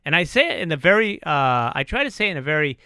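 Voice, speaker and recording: A middle-aged man hosting a casual podcast, talking in an animated way, swearing freely and poking fun at himself. His voice is bright and forward, pitched slightly high for a man, and the recording is dry and close. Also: quick pace, clean tone, no room sound. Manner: animated, profane, self-deprecating. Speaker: podcast host.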